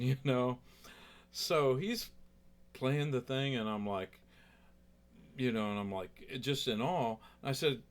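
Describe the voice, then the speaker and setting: A man's voice: medium pitch, a little slow. A man who plays guitar telling a story in a rambling, chatty way, full of asides. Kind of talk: casual storytelling.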